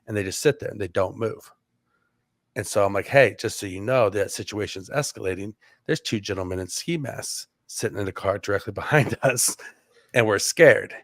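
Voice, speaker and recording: A man's voice: on the low side, a little fast, dry recording, studio quality. A man on a podcast telling a long story casually, with many "like" fillers and restarts. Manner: rambling, heavy on "like" fillers and restarts. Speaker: podcast co-host.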